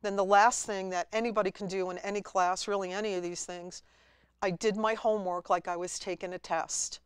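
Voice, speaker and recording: A woman guest at a college TV studio, telling her story in a lively way and acting out her own past words. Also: medium pitch, a little fast, clean tone, no room sound. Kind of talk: storytelling interview.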